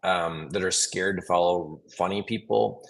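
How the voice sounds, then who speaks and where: A comedian from Wisconsin with a Wisconsin accent, chatting in an interview and telling stories with lots of restarts and laughs. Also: male voice, deep voice, gravelly. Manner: animated storyteller, quick restarts and laughs. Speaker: comedian guest. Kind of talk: casual interview chat.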